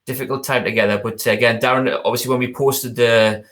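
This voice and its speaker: A man hosts a fans' video call in a friendly, chatty manner. He talks a little haltingly and leans on fillers as he thanks his guest. His voice sits at a middle pitch. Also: steady tone, a bit bright. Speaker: supporters' club host. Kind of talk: casual interview chat.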